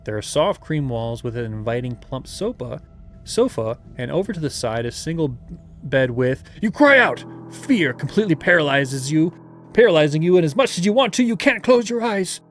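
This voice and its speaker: A man's voice: fairly high pitch, expressive, normal speed, faint music behind. A man reading a gamebook aloud as game master, with playful asides and laughter.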